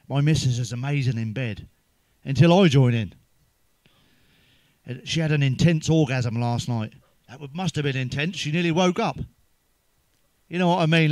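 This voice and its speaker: A man's voice: a little high, a little mellow, no room sound. An English man doing crude one-liner stand-up, swearing heavily and laughing at his own jokes. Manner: sips a drink between jokes. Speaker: stand-up comedian.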